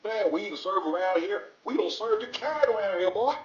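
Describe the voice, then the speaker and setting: A man voicing a menacing Deep South hillbilly, threatening in a put-on Southern drawl, half laughing. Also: expressive, normal speed, echoey room, lo-fi sound, slight background noise.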